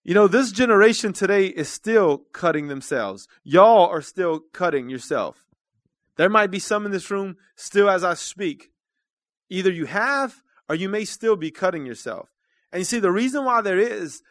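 A man preaching a sermon to his congregation. His delivery is earnest and conversational, and it swells into loud calls to the room. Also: high voice, no room sound, clean studio sound. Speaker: church minister.

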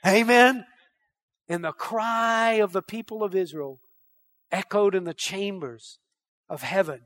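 A male pastor preaching a fervent sermon, firing rhetorical questions at the congregation and rising to loud declarations. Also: sits high, a little slow.

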